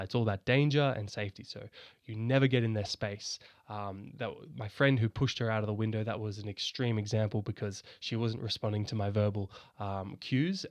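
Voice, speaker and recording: Man explaining calmly, dry sound. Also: on the low side, dry recording. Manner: conversational, many restarts and stammered repeats. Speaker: educator explaining psychosis first aid. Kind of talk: casual spoken explainer.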